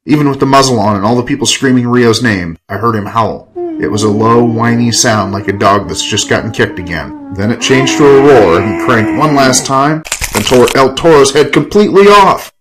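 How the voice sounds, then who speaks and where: A man's voice: mid-range voice, normal speed, crowd noise, poor audio. A man narrating a gritty first-person story in a wry, profane, hard-boiled tone.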